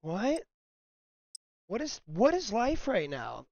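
A man's voice: high-pitched, wildly swooping pitch, slow, creaky, a little mellow, no echo, highs cut off. A man streaming an online shooter, calling out plays and trash-talking the other team between laughs with his teammates. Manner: rowdy trash talk, callouts and laughter with teammates. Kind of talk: casual live gameplay chatter. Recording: noisy stream audio with clicks.

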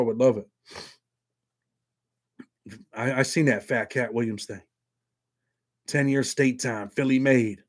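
A man's voice: mid-range voice, a little mellow. A man hosting a casual livestream, rambling and profane, reading viewer donations aloud between prison stories. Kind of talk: casual live chat with viewers.

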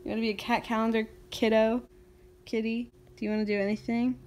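A woman's voice: fairly high pitch, flat delivery, fast, a little mellow. A young woman vlogging at home, teasing her cat in a playful, cooing baby-talk voice. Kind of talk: casual home vlog.

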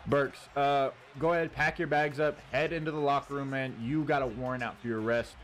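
A man hosting his gaming channel, giving casual running commentary on his own football video game and cheering loudly at big plays. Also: mid-range voice, steady tone, fairly quick. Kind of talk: live gameplay commentary. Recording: audible background noise.

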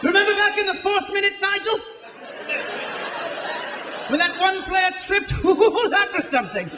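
A comedian putting on the voice of an excited British soccer announcer giving breathless commentary before a laughing live crowd. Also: male voice, very high-pitched, unhurried, reverberant, background noise, pitched above the performer's own voice. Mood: overexcited. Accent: put-on British. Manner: breathless, over-thrilled commentary.

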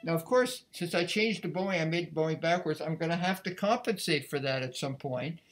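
A man's voice: fairly high pitch, a little fast, soft background music. Man teaching violin, thinking aloud. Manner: conversational, thinking aloud as he plays. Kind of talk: music lesson. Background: faint violin playing.

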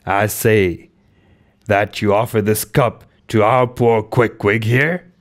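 A man's voice: on the low side, steady tone, slow pace. A man reading aloud voices a blustering, mocking sailor mate with rising outbursts, as in a storybook. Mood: indignant.

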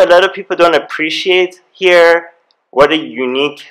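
A man, speaking on a live university panel and telling personal stories with rising excitement. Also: a little high, moderate pace, poor audio. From Iran. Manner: animated storyteller, grows excited. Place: university event room.

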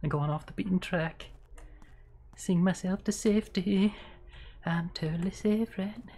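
A woman streamer talks through a horror game live, her voice low-pitched and breathy. She drawls slowly, muttering in hushed whispers before swearing in sudden startled yelps. Keyboard clicks sit under her desk mic. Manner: jumpy, swears a lot, drops to hushed whispers then yelps. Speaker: virtual streamer.

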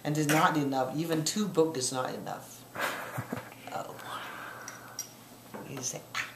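An older grandmother talking baby talk in a sing-song, coaxing way, now and then dropping to soft whispers. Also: low voice, steady tone, moderate pace. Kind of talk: baby talk while feeding a child. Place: home, indoors. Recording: echoey home room with background noise.

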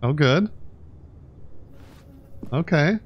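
A man's voice: a little high, lively intonation, extremely slow, slightly rough, dull audio. A man streaming a video game, chatting casually and laughing as he plays. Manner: amused, chatty, laughing a lot. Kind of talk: casual gameplay commentary.

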